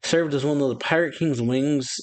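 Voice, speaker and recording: A man reading aloud as a cheerful young male pirate captain, his pitch slightly lifted. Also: normal speed, lightly acted. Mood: surprised.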